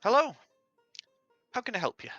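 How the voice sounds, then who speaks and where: A man's voice: high-pitched, huge pitch swings, moderate pace, dry recording, lo-fi sound, soft background music, voice pushed up, full character voice. A man voicing a brusque middle-aged female gnome barkeep in a tabletop game. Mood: curt. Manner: curt, sharp-tongued.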